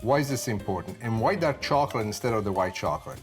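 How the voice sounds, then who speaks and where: An older man with an Italian accent talks through a recipe as a TV chef. His delivery is expressive and storytelling. Clear music plays beneath his voice throughout. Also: on the low side, fast. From Sicily, Italy. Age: 60s. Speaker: TV chef host. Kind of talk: cooking show demonstration.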